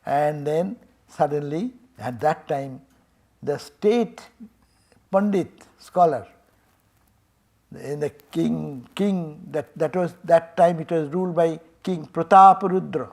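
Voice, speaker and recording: A man's voice: on the high side, slow, creaky. An older man with an Indian English accent, a swami telling a devotional story in a sermon and acting out its dialogue with chuckles. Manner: animated, acts out dialogue, chuckles often. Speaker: swami giving a temple talk.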